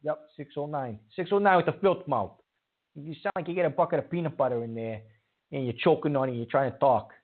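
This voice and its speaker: A man's voice: on the high side, fast. A man hosting a call-in radio show, taking callers and scolding the rude ones. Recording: narrow phone-like audio.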